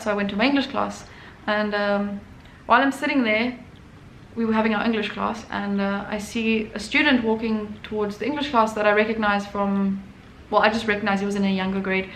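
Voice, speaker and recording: A woman's voice: medium pitch, fairly even intonation, a little fast. A young adult woman, an artist hosting her own channel, telling a personal story in a chatty way with many fillers and restarts. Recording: echoey room with faint noise.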